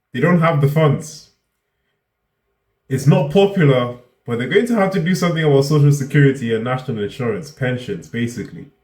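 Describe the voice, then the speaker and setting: Guy doing a reaction vid, fed up and disbelieving, voice jumps high when he's outraged, echoey room. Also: darkish tone. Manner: exasperated, incredulous, jumps in pitch when outraged. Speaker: reaction video host. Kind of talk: reaction commentary. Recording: roomy echo.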